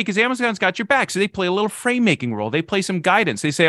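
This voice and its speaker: A middle-aged man telling a story as a podcast guest, animated and self-mocking, with exasperated asides. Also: high-pitched, rapid-fire, no echo, studio quality. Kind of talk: casual storytelling in conversation.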